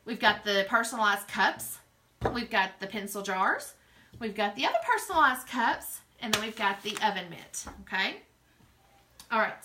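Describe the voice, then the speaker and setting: A woman's voice: a little high, sharp tone, a little hiss or hum. A woman with a Southern US accent hosting a craft show, chatting and rambling straight to her viewers as she works. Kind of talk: casual live-stream craft demo.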